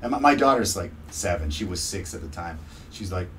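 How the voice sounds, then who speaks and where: Male guest, low voice, animated and laughing, faint noise behind. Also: a little fast. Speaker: podcaster guest. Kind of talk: casual interview chat.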